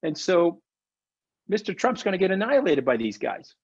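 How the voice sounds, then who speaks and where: A fired-up man delivers an impassioned webinar talk over a video call, preaching his point. His voice sits a little high for a man. The audio is dull and lo-fi, with a dry, close sound. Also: sing-song, moderate pace, no echo. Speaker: webinar guest speaker.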